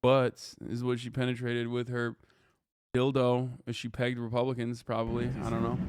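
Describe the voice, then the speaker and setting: A man's voice: mid-range voice, monotone, normal speed, very noisy. A man in his thirties reacting to a news video on a livestream, ranting heatedly and swearing often as he talks to his chat. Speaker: livestream commentator.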